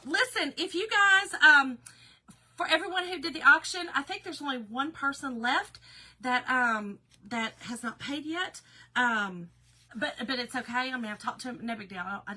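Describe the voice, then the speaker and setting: A chatty woman with a Southern drawl, talking to her viewers in a bright, lively voice while she works on a craft. Her pitch sits a little high, and she keeps calling her audience "y'all" in an easygoing, folksy way. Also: moderate pace. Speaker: craft business owner hosting a live video. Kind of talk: casual live chat while crafting.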